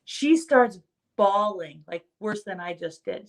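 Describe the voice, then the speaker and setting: A woman's voice: mid-range voice, lively intonation, takes it slowly. A woman chiropractor giving an earnest motivational talk to fellow chiropractors. She tells stories and repeats key phrases for emphasis.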